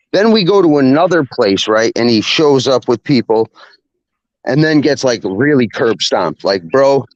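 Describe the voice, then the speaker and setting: A man's voice: medium pitch, no echo. A young man casually telling a long story, profane and rambling, laughing now and then. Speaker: podcast host. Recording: dull lo-fi sound.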